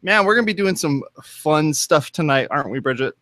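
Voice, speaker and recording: An upbeat man opens and runs a talk show, chatting casually with his guests. His voice sits a little high for a man. The recording is dry and close. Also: lively intonation, brisk, fairly bright tone, dry recording. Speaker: host.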